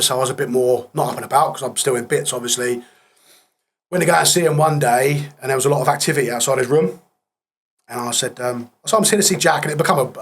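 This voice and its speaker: A man's voice: medium pitch, a bit bright, slightly rough. A man in his thirties, a podcast guest, recounting a war injury in plain-spoken, subdued casual talk that trails off in places.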